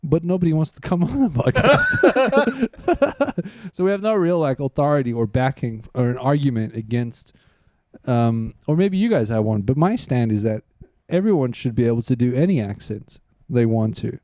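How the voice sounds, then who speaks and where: A man's voice: mid-range voice, expressive, normal speed, darkish tone, no room sound, studio quality. A man hosting a comedy podcast, telling crude rambling stories in casual chat. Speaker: podcast host.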